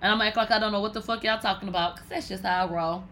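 Bright-voiced, blunt, profane woman host. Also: medium pitch, racing, a little hiss or hum, poor audio. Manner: blunt, profane, loud and animated. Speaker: podcast host. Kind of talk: casual gossip commentary.

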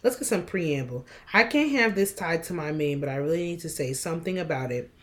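A woman's voice: sits low, expressive, a little fast, a bit bright. A young woman co-hosting a casual podcast, blunt and opinionated, reading posts aloud. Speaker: podcast co-host. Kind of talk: casual chat.

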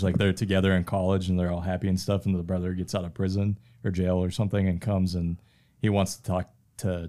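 A man's voice: deep voice, a little mellow. A man co-hosting a casual podcast chat, laid back, retelling stories in long rambling runs. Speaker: podcast co-host.

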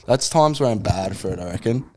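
A man's voice: on the low side, expressive, brisk, dark tone. A man hosting a casual podcast, joking crudely with his friends. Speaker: podcast host. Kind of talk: casual chat.

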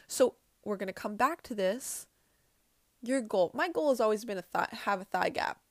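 A woman's voice: mid-range voice, animated, normal speed, no room sound. A woman talking casually and earnestly to her viewers about healing and self-love, often repeating her points. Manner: earnest, talks directly to viewers, repeats herself. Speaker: spiritual wellness vlogger. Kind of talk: casual talk to camera.

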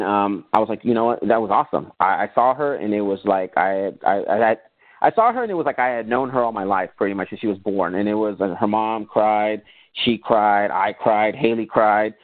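Fast-talking man, tinny phone-like sound. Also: fairly low pitch, no echo. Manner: animated storyteller who acts out remembered conversations. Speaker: podcast guest, business owner. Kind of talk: casual interview storytelling.

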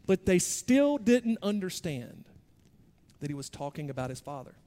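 A man preaching a sermon in a conversational, self-deprecating way, moving between quiet asides and louder bursts. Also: sits high, big pitch swings, normal speed, big-room sound. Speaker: pastor.

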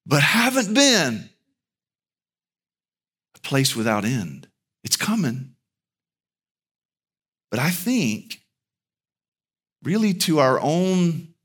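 A man preaching a sermon as pastor, emphatic, with rhetorical questions to the congregation. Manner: animated preaching with big pitch swings, slow and emphatic.

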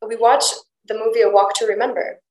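A woman's voice: fairly high pitch, fairly even intonation, a little fast, darkish tone. A woman hosting a podcast, telling personal stories in a candid, open way and often saying "like". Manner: candid, open storytelling with frequent "like". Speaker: podcast host. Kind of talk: casual podcast conversation. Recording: roomy echo.

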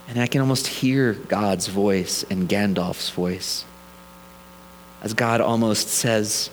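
A man's voice: fairly low pitch, a little slow, slight background noise. A male pastor preaching a sermon in a conversational, storytelling way, with humorous asides.

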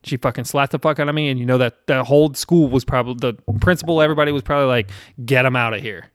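A man's voice: medium pitch, steady tone, rapid-fire, smooth, dry recording, studio quality. A man in his thirties from South Carolina, hosting a casual chat and telling a rambling, profane story with self-deprecating laughs.

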